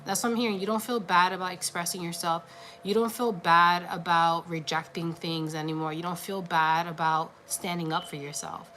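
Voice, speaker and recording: Woman, tarot reader, casual livestream reading, encouraging, chatty, somewhat low voice. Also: fairly even intonation, moderate pace, sharp tone, slight background noise. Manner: chatty and encouraging, many filler "like"s.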